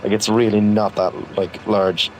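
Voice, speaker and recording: Young guy telling a school story, low voice, kinda rambly, bit of hiss behind. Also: flat delivery, low-quality recording. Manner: rambling, halting, full of fillers. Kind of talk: casual storytelling.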